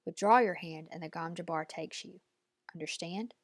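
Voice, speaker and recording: A woman's voice: lowish voice, normal speed, dry recording, natural voice. A woman reading an audiobook, voicing a stern, cold, commanding old woman who speaks in clipped, imperious lines. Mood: menacing.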